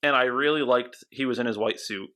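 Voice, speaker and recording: A man co-hosting a podcast who theorizes in an animated, rambling way, with frequent restarts. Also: medium pitch, brisk. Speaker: podcast co-host. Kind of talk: casual podcast chat.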